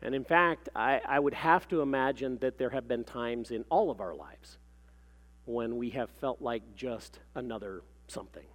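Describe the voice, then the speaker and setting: A man's voice: medium pitch, moderate pace, a bit bright. A man preaching a sermon as pastor, speaking in an earnest, reflective way. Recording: reverberant hall sound.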